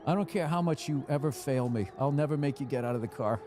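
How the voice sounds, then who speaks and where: A man's voice: medium pitch, fast talker, background noise. A man in casual chat, telling rambling stories and swearing freely. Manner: profane, rambling, animated storytelling.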